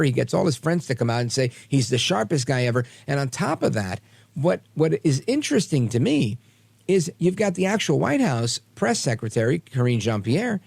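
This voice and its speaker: Gravelly, animated male talk radio host. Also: on the high side, moderate pace, no room sound. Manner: sarcastic, animated, mocks quoted voices.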